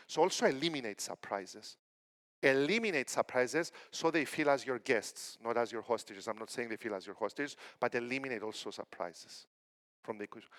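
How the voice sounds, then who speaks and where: A middle-aged man from Cyprus giving a conference keynote, telling stories with acted-out quotes. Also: medium pitch. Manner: animated storytelling with acted quotes. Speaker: keynote speaker.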